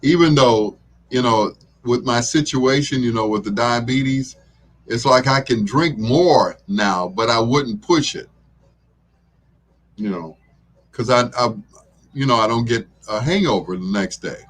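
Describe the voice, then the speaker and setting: A middle-aged radio show host rambles in a laid-back way through casual talk show chat, chuckling often. His mid-range voice is unhurried.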